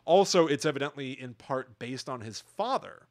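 A man co-hosts a casual podcast with a voice of ordinary middle pitch. He rambles, restarts his sentences and tosses in little impressions as he talks. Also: expressive, moderate pace, no room sound, clean studio sound. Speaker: podcast co-host. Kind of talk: casual chat.

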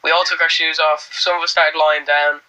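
Jokey young man, bright voice. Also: on the high side, level tone, fairly quick, low-quality recording. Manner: jokey, does silly voices, laughs often. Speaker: band member on a livestream. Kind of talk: casual chat.

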